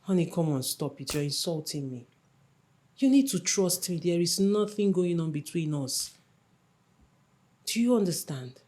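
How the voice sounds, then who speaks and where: A woman's voice: fairly low pitch, lively intonation, a little slow, long pauses, dark tone. A Nigerian actress playing a young woman who coaxes and reassures her jealous boyfriend in a film drama. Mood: firm, tender. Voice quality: coaxing, pleading.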